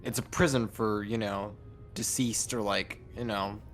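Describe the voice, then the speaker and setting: Low-voiced man in casual review chat. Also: steady tone, measured pace, soft background music. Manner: laid-back, swears often. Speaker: podcast co-host.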